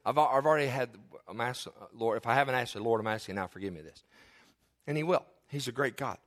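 A man's voice: mid-range voice, fast, a bit bright. A male pastor preaching a sermon in church, telling confessional, humorous stories to his congregation.

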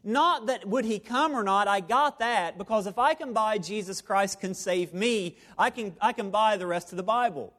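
High-voiced man preaching playfully. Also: normal speed, few pauses, a bit bright. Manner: playful, repetitive, conversational preaching. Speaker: pastor. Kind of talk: sermon. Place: church service before a live congregation.

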